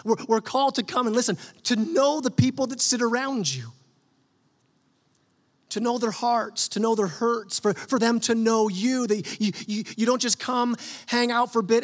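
Guy pastor preaching in a church, kinda high voice, big hall reverb, earnest and chatty. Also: steady tone, moderate pace. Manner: earnest, conversational preaching with repeated restarts. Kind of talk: sermon. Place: church sanctuary.

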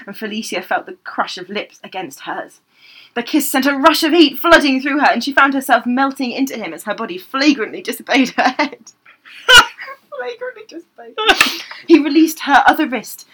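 A woman's voice: fairly high pitch, background noise. A woman on a comedy podcast reading a romance novel aloud in a theatrical way, breaking off to laugh and mock the prose.

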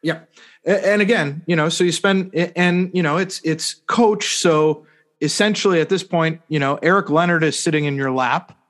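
Rambling sarcastic man, fairly high voice. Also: normal speed, fairly bright tone. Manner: rambling, sarcastic, repeats "hypothetically" with mock emphasis. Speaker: podcast co-host. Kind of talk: casual sports chat.

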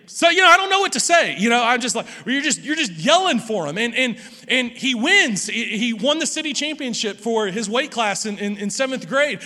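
A middle-aged man, a pastor preaching a sermon. He tells a personal story with many repeated words and restarts, moving between hushed and loud passages. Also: very high-pitched. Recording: long hall reverb.

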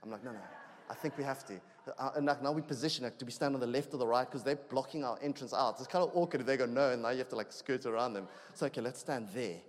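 A man preaching a sermon in a conversational way, growing animated as he tells a personal story. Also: mid-range voice, fast talker. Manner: conversational, animated when telling stories. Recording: long hall reverb.

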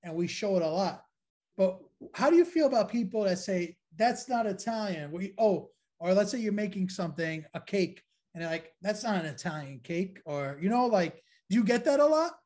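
A man's voice: high-pitched, expressive, moderate pace, a little mellow. A man interviewing a guest in a friendly, chatty way over a video call.

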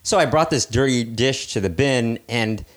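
A man's voice: mid-range voice, normal speed. A man co-hosting a casual podcast, telling a long rambling anecdote and chuckling between phrases. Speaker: podcast co-host. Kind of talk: casual chat, storytelling.

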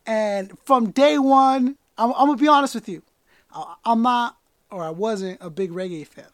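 Male podcast host, casual and energetic, stumbles and restarts often. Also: very high voice, moderate pace, dry recording. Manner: energetic, loose, stumbles and repeats words. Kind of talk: casual hip hop podcast chat.

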